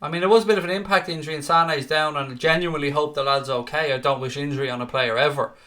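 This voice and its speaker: Sweary, excitable Scouse fan commentator. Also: male voice, fairly high pitch, quick pace. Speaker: watchalong host and fan commentator. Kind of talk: live fan commentary and chat reading.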